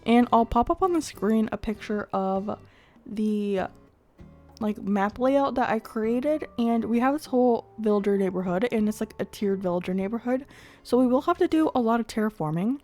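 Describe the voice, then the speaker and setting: A woman's voice: fairly high pitch, normal speed, darkish tone, soft background music. Congested, chatty woman gaming host. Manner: chatty and upbeat, thinking aloud while building. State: congested from a cold. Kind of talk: casual gameplay commentary.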